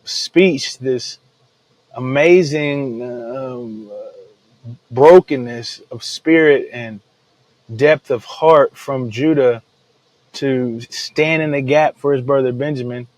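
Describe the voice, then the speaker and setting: Taking it slowly in a mid-range, slightly mellow voice, a man retells scripture in casual slang for his daily Bible devotional podcast. He's relaxed and often says "man" to listeners; the podcast-microphone recording is rough.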